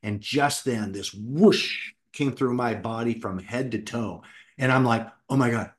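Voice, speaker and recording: A middle-aged man who writes children's books tells his personal story in an animated way and acts out what he said back then. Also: mid-range voice, measured pace. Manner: animated, acts out his own past words. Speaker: children's book author and founder.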